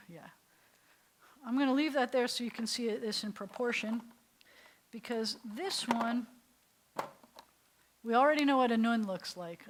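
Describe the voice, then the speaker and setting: A woman rabbi teaching beginners in an easygoing, chatty way. Her pitch sits in a middle range, and she keeps things playful with jokey asides. She mutters to her computer while she works. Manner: talks aloud to her computer while working. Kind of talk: casual beginner language lesson.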